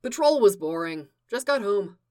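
A woman voicing an anxious teenage boy in a storybook reading, speaking softly with halting restarts. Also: mid-range voice, very animated, lightly acted. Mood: flat. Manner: hesitant, halting and soft.

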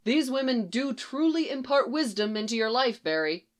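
A woman's voice: on the high side, animated, normal speed, pitched above the performer's own voice, lightly acted. Woman reading a sly smug young guy, mocking, storybook style.

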